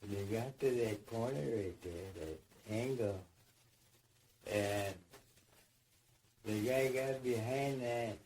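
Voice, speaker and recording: A man's voice: medium pitch, takes it slowly, long pauses, darkish tone, slight background noise, low-quality recording. A man telling a dream story in a rambling way, repeating phrases and acting out voices. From United States.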